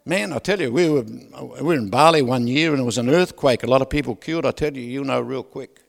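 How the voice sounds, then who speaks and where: A man preaching a sermon, loud and animated, who keeps asking the crowd for agreement and drops joking asides with laughs. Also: mid-range voice, a little fast, gravelly. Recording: long hall reverb.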